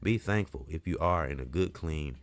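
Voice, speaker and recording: A middle-aged man speaks in a low, deep register, talking casually to camera in a vlog monologue. He rambles earnestly and keeps circling back with "you know." Now and then he lets a curse word slip. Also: animated, moderate pace. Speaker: community vlogger.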